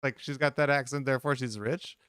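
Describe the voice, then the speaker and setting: A man's voice: medium pitch, fairly even intonation, brisk, a bit bright, smooth, no echo, studio quality. A man hosting a casual commentary, ranting in an exasperated way. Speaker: host.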